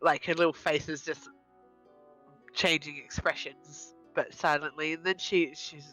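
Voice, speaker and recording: A woman's voice: sits low, fairly even intonation, unhurried, bright, forceful tone, soft background music, rough recording. A woman player describing what her character does in a tabletop game, in a playful, descriptive way.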